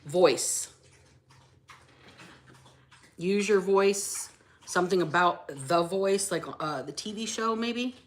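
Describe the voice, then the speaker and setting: A woman's voice: lowish voice, unhurried. A woman hosting a casual tarot reading, brash and chatty, swearing freely and greeting her viewers. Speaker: tarot reader and channel host.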